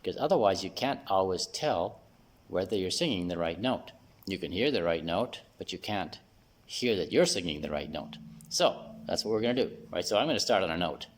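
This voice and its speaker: Deep-voiced man teaching bass singing. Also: normal speed. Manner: relaxed, explaining step by step, says "right?" often. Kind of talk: casual video lesson. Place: home room, playing bass guitar.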